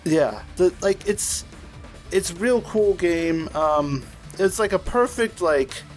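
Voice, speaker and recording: A man's voice: high voice, lively intonation, slow, faint music behind. Rambling, swearing man on a podcast. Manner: rambling, loose and profane, full of fillers. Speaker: podcast co-host. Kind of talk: casual chat.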